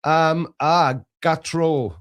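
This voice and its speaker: Chatty Welsh man, slightly high voice. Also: fairly even intonation, very slow, a bit bright. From Wales. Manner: chatty, laughs often, many restarts. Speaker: streamer co-host. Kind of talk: casual chat.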